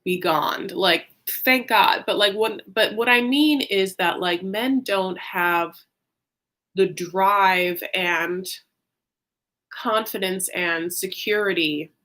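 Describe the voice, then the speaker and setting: Woman vlogger for a reality-TV recap, bright, forceful voice, chatty and filler-heavy. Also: medium pitch, takes it slowly. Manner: chatty, heavy use of "like", animated asides. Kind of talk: casual gossipy recap vlog.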